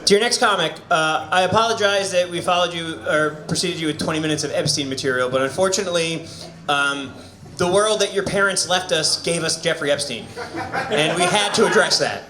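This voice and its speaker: High-voiced man hosting an open mic. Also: a little fast, pushed and bright. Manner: teasing, rambling crowd work with fillers. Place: small comedy venue indoors. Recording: roomy bar room sound.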